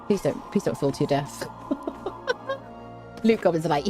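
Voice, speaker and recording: While gaming, this woman chats playfully with her stream, greeting viewers and humming and scatting little tunes alongside casual commentary. Her lowish voice swoops wildly in pitch at an unhurried pace, with music playing in the background.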